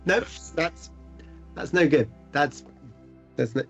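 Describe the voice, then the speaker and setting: A man's voice: fairly high pitch, lively intonation, slow pace, creaky, a bit bright, husky, faint music behind. A man playing a tabletop game, describing his actions in a rambling, jokey way. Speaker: player. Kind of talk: tabletop game play, casual chat. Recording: muffled lo-fi stream audio.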